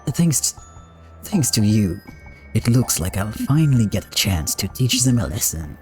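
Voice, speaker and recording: A man voicing a scheming, smug male gang boss in an exaggerated fake accent, oily and shamelessly flattering. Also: medium pitch, unhurried, soft background music, natural voice. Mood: vengeful.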